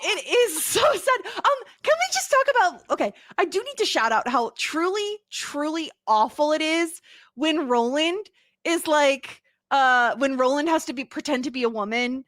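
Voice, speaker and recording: Enthusiastic woman co-host, bouncy higher voice, casual gushing chat. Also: sing-song, moderate pace, a bit bright, dry recording. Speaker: podcast co-host.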